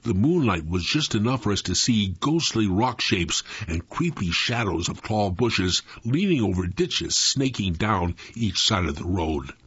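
Husky man reading a story dramatically. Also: on the low side, big pitch swings, a little slow, few pauses, a bit bright, no room sound, muffled recording. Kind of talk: first-person story narration.

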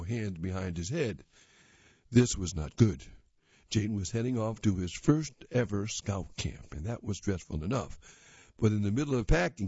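A man reading a magazine story aloud at a plain, unhurried pace. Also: lowish voice, dark tone, husky, no echo. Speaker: reader. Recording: dull lo-fi dry recording.

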